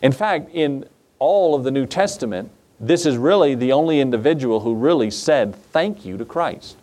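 A man's voice: mid-range voice, expressive, normal speed, mellow. A man preaching a sermon, reading scripture and telling a folksy story in a conversational way. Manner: folksy and conversational, acts out voices in his story. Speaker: pastor.

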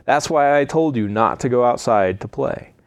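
A man voicing a loving, patient father in a read-aloud storybook, speaking slowly and reassuringly. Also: mid-range voice, expressive, no echo, close to an everyday voice.

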